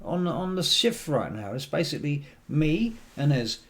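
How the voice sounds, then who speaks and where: A man's voice: fairly high pitch, sing-song, normal speed, a bit bright. A man voicing a chatty, rambling town guard corporal in a tabletop role-play, with a folksy, gossipy manner. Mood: worried.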